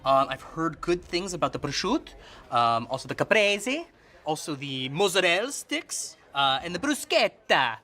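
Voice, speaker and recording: An actor as a pretentious diner, smug, self-assured, comedy sketch, bright tone. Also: medium pitch, big pitch swings, moderate pace, soft background music. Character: pretentious diner who over-pronounces foreign words.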